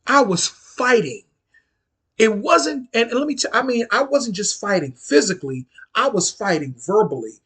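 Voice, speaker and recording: Husky-voiced, blunt D.C. man telling a story. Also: high voice. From Washington, D.C. area. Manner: blunt, profane, emphatic, repeats phrases for stress. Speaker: vlogger. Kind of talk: casual storytime monologue.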